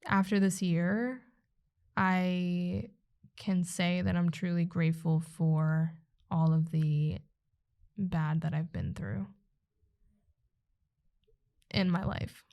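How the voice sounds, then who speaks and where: A young woman co-hosting a podcast, speaking in casual chat with a halting, emotional delivery as she holds back tears. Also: on the low side, steady tone, darkish tone. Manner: emotional, halting, trying not to cry. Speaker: podcast co-host. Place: indoor podcast recording.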